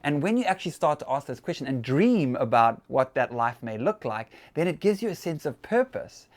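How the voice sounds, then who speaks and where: A man's voice: a little high, sing-song, a little fast. A man hosting a casual church talk, chatty and conversational with fillers and laughs.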